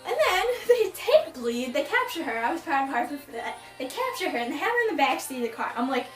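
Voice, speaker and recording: A woman's voice: sits high, very animated, quick pace. A teenage girl giving a casual book review, exasperated and ranting, mocking the characters in put-on voices. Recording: echoey room, far from mic, faint music.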